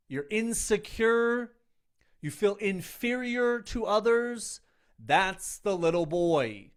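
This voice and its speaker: A middle-aged man coaching other men in an earnest, emphatic self-help talk, speaking in short punchy phrases. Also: high-pitched. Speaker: men's coach.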